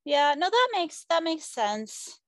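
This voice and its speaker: A woman's voice: high-pitched, very animated, slow pace, no room sound. A woman in a study group, speaking casually and tentatively, with frequent "like". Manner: tentative, says like often. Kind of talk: casual discussion.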